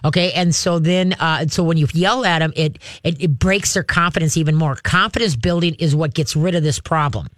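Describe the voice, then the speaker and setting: A man hosting a call-in radio show, giving dog training advice in a chatty, halting way, often acting out voices of dogs and owners. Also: on the high side, a bit bright, dry recording, clean studio sound.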